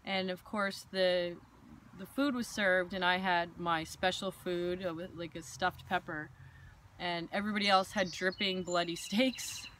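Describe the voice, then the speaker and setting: A woman's voice: fairly low pitch, measured pace, a little hiss or hum. Woman chatting casually as host. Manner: animated storytelling with acted-out quotes. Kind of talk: casual chat.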